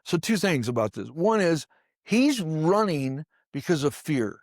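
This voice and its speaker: A man's voice: on the high side, big pitch swings, a little slow, dry recording, studio quality. A man who was once a pastor tells stories in an interview with an emphatic preaching cadence and repeats phrases for effect. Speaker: guest, former pastor. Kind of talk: storytelling interview talk.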